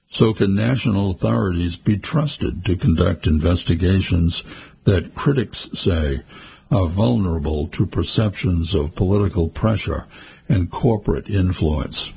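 A man reading a news report in a measured, formal way. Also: low-pitched, vocal fry, dark tone, slightly rough. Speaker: news narrator. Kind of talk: scripted news narration.

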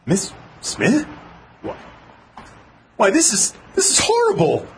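A man's voice: high-pitched, wildly swooping pitch, normal speed, fairly bright tone, a little hiss or hum, heavily acted. An actor playing a cocky, sarcastic young male shop clerk who just lost his job, in a 1940s radio play. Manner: teasing, sarcastic and persistent.

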